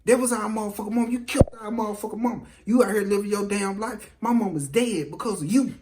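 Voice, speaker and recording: A man's voice: high voice, very fast, noisy background, voice pushed up, close to an everyday voice. A man voicing a vengeful young woman who snarls profane threats at the man she hunts. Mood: furious.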